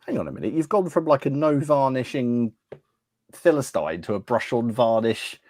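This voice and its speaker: A man's voice: medium pitch, lively intonation, moderate pace, darkish tone. A man hosting a hobby podcast in a casual, chatty way, reading out names, teasing his co-hosts and laughing often. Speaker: podcast host.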